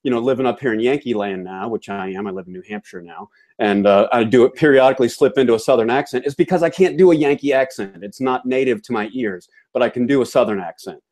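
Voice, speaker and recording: A man's voice: medium pitch, fast talker, few pauses, darkish tone. Guy from georgia riffing on a talk show, folksy and opinionated. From Georgia, US South. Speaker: co-host of an appliance repair show. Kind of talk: casual chat.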